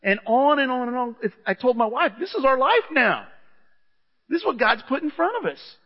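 A man's voice: extremely high pitch, sing-song, moderate pace. A middle-aged man preaching a sermon in a conversational, enthusiastic storytelling manner, recorded in a church. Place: church hall. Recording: muffled church recording with long reverb.

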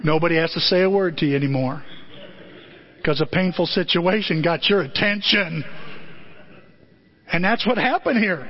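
A man's voice: normal speed, slightly rough. A middle-aged male pastor preaching a sermon, telling a family story and acting out the voices. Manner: animated storytelling, acts out voices in high falsetto. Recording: dull lo-fi sermon audio.

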